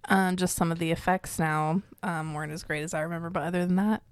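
A woman's voice: fairly low pitch, fairly even intonation, quick pace, dry recording. Enthusiastic woman co-hosting a movie podcast. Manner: enthusiastic, with many fillers. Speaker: podcast co-host. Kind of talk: casual movie-review chat.

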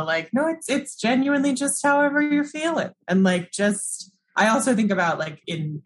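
A woman taking part in an online class discussion, musing aloud and correcting herself as she goes. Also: deep voice.

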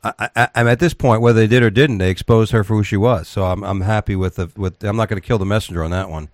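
A man with a low voice co-hosts a radio talk show, reading out offbeat news and bantering with his partners. He rambles, restarts his sentences and talks tough. His voice is dry and close to the mic. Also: fairly even intonation, quick pace, no echo.

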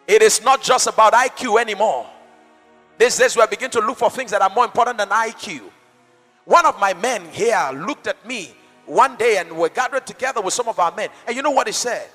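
A male pastor preaching a sermon to a congregation, dynamic and rhetorical, swinging from shouts to soft asides. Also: high-pitched, brisk, big-room sound, faint music behind.

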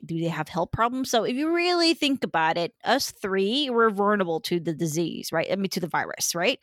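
A woman's voice: medium pitch, dry recording, clean studio sound. A woman hosting a podcast, chatting casually about politics in a rambling, profane way with many fillers. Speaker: podcast host.

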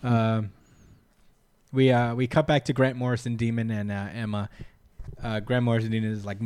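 A man's voice: mid-range voice, flat delivery, moderate pace, darkish tone, smooth. A man co-hosting a podcast, recapping a manga chapter in rambling casual chat full of "uh"s. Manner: rambling, many "uh"s, laughs often. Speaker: podcast co-host.

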